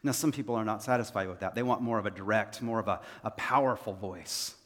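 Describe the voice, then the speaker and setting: A man's voice: lowish voice, fast talker, a bit bright. A man who is a senior pastor, giving an earnest, conversational sermon to his congregation and repeating key phrases. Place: church sanctuary. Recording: long hall reverb.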